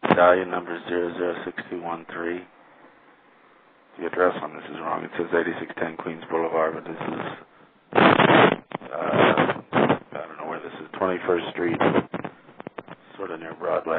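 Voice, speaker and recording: A man's voice: low-pitched, completely flat delivery, moderate pace, gravelly. A man calling from a street payphone, rambling wryly with profane asides about the city around him. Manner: wry, profane, meandering asides. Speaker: caller leaving phone messages. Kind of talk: rambling spoken diary from payphones. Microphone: payphone handset. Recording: tinny phone line with street noise.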